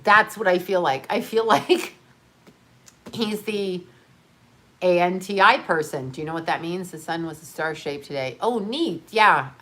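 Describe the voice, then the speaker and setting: A woman's voice: on the low side, measured pace, fairly bright tone. A middle-aged woman chatting casually on a livestream, rambling, laughing often and talking straight to her viewers. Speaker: livestream host. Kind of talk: casual livestream chat reading comments.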